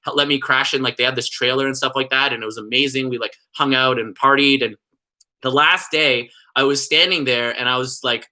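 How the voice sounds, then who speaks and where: A man's voice: mid-range voice, steady tone, a little fast, sharp tone. A young man telling a long, rambling story in casual chat, filling his talk with "like" and "you know". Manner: rambling, heavy use of "like". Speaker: vlogger.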